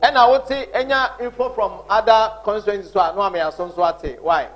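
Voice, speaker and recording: A Ghanaian man with a Ghanaian accent hosting live election call-ins, loud, chatty and informal with callers. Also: high voice, moderate pace. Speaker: studio news host.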